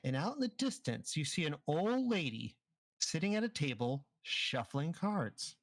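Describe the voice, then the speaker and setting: A man's voice: fairly high pitch, sing-song, unhurried, no room sound. A man running a tabletop game as dungeon master, narrating scenes in the second person over an online voice chat mic.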